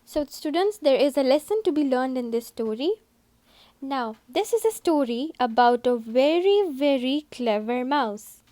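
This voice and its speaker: A woman teacher giving a recorded English lesson to young pupils, speaking slowly and repeating herself to explain each step. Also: high-pitched, a little mellow, no room sound. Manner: slow, repetitive, explaining step by step.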